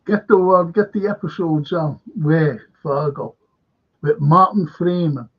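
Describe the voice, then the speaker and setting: A man hosts a live stream, rambling casually and often dropping to a near-whisper. His slightly high voice is unhurried and husky, captured with lo-fi sound from a webcam or desk mic.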